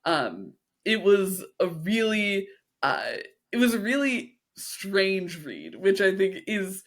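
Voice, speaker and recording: A woman's voice: mid-range voice, very animated, slow pace. A woman co-hosting a podcast in casual chat, upbeat and agreeable, steering the talk. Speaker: podcast co-host.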